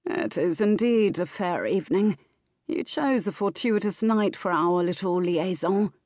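A woman voicing an aloof male gargoyle nobleman with a silky, lofty drawl and crisp consonants. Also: lowish voice, unhurried, darkish tone, no room sound, studio quality.

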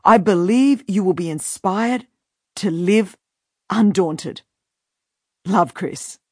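Slow, earnest woman reading her book. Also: medium pitch, warm tone, slightly rough, no room sound, studio quality. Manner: earnest, measured, inspirational. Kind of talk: scripted audiobook narration.

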